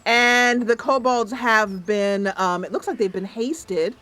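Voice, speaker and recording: A woman's voice: on the high side, takes it slowly, bright, forceful tone. A woman narrating a voice-acted role-play of a computer game, with playful, laughing asides.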